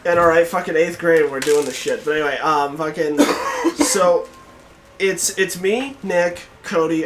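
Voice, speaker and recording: A young man hosting a podcast, telling a story in casual chat, swearing freely and shouting out the quoted lines. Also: a little high, unhurried, faint music behind. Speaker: podcast host.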